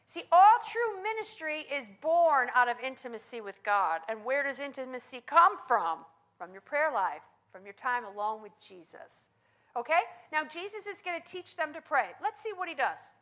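High, bright-voiced woman Bible teacher. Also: sing-song, normal speed. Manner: emphatic, often checks in with listeners. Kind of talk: sermon-style teaching.

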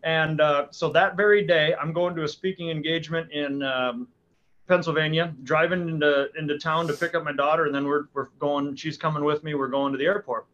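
A middle-aged man, a podcast guest, telling a story in a lively, animated way with quick restarts. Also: on the high side, highs cut off. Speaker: guest, hunting guide and speaker. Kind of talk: casual storytelling.

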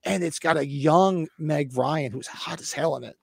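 A man's voice: a little high, normal speed, creaky, husky, dry recording. A man in his fifties hosting a casual podcast, talking with rambling enthusiasm and swearing freely. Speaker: podcast host.

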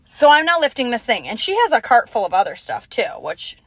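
Young woman ranting through a funny story, kinda high voice, dry close sound. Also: brisk, no echo. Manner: animated storytelling, laughs often. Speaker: podcast co-host. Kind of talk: casual chat.

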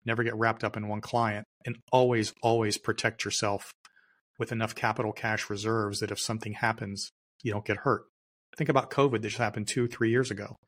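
A middle-aged man speaks as a podcast guest in a fairly low voice. He tells his story with emphasis and circles back on his key phrases. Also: little pitch movement, brisk, fairly bright tone. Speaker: guest entrepreneur. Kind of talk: storytelling interview answer.

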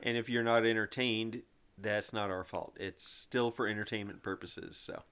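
A man's voice: on the low side, steady tone, normal speed, fairly bright tone, clear, resonant tone. A man co-hosting a podcast, chiming in with dry, brief quips. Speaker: podcast co-host. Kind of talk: casual chat.

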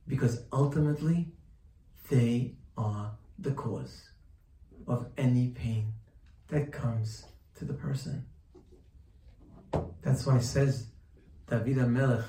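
A man's voice: medium pitch, mellow. A man giving a sermon-style Torah lesson, quoting Hebrew texts and translating them, asking rhetorical questions and repeating phrases for emphasis. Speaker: rabbi teaching Torah. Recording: echoey room, voice from far off.

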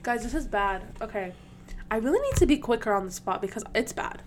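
A woman's voice: a little high, lively intonation, brisk, a little hiss or hum. A young woman co-hosting a podcast in casual chat, giggly and flustered, protesting with laughs. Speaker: podcast co-host.

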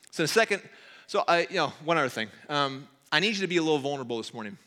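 A man preaching a sermon in an earnest way, now excited, now hushed, reading passages aloud. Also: a little high, rapid-fire. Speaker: pastor.

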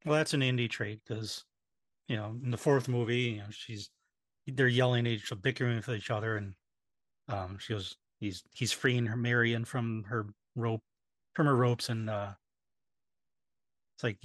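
A man's voice: medium pitch, fairly even intonation, normal speed, long pauses, no room sound. Man, podcast co-host, casual chat, agreeable, dry close mic.

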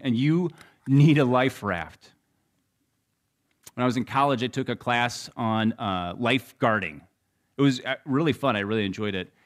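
Pastor, young adult male, medium voice, storytelling sermon with dynamic delivery. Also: mid-range voice. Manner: storytelling, swings between loud and hushed.

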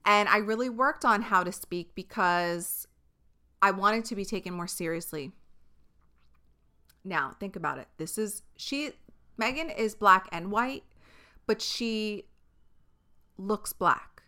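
Bright, crisp New York woman. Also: mid-range voice, slow, long pauses. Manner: chatty, frank, swears, lots of filler words. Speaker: podcast host. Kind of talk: casual solo podcast monologue.

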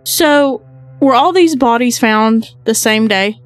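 A woman co-hosting a podcast, reacting to the story with quick jokes and comments. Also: fairly high pitch, no room sound. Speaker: podcast co-host. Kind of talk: casual podcast banter.

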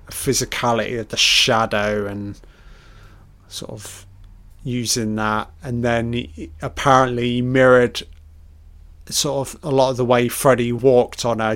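A man's voice: mid-range voice, steady tone, measured pace, fairly bright tone. Sweary man riffing on a film. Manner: sweary, jokey, acts out characters' lines. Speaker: film commentator. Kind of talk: casual film commentary.

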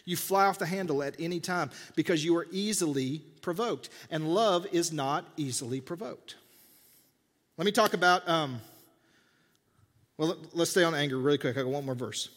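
A middle-aged man preaching a sermon as a pastor, animated and jokey, pushing his voice up for emphasis. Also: a little high, moderate pace. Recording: long hall reverb.

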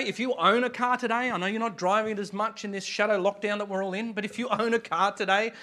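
A man with an Australian accent, preaching a sermon as pastor, with humor and dramatic pauses. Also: sits high, sharp tone.

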